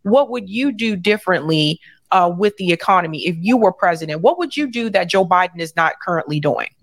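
A woman's voice: lowish voice, lively intonation, fairly quick, no room sound. A woman interviewer asking her guest direct, conversational questions.

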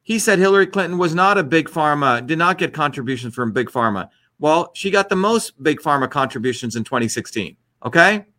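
A man holds forth on his own livestream in a combative, emphatic rant. His voice is bright and sits fairly high, and he circles back to repeat his points again and again. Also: expressive, brisk. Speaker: host of an online livestream. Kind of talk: ranting political commentary.

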